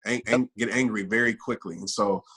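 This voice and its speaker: A man's voice: lowish voice, fairly even intonation, a little fast, sharp tone, slightly rough. A man guesting on a podcast as a motivational speaker, earnest and reflective, speaking from his own experience. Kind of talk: reflective interview talk.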